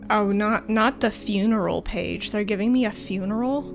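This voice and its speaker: A woman's voice: mid-range voice, normal speed, creaky, faint music behind. A woman streaming a puzzle game, chatting casually and joking at her own expense as she plays. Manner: chatty, self-mocking, talks to herself. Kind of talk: casual gameplay commentary.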